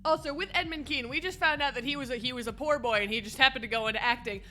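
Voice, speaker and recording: A chatty woman streaming a game, with a high, bright voice and frequent laughter. Faint game music sits under her casual commentary. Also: rapid-fire.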